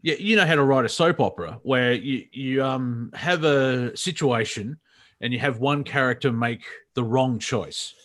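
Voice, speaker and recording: A man's voice: medium pitch, normal speed, a bit bright. A man co-hosting a live comedy talk show, rambling with fillers and laughing often. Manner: giggly, rambling, full of fillers. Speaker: co-host.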